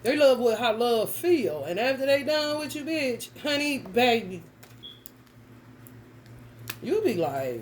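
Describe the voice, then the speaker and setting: A woman's voice: on the high side, very animated, slow, pauses often, slight background noise, rough recording. A young adult woman giving a casual tarot reading, talking bluntly and emphatically with plenty of cursing and slang. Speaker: tarot reader.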